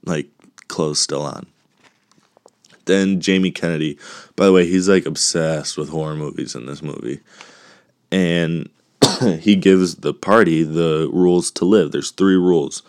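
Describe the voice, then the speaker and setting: A man's voice: low voice, fairly even intonation, measured pace, pauses often, darkish tone, dry recording, clean studio sound. A man casually recapping a movie between coughs, rambling, joking and swearing as he goes.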